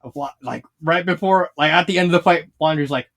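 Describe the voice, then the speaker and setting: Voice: medium pitch, brisk, vocal fry, fairly bright tone. A fanfiction reviewer talking casually, rambling with many restarts and fillers and laughing often while retelling scenes.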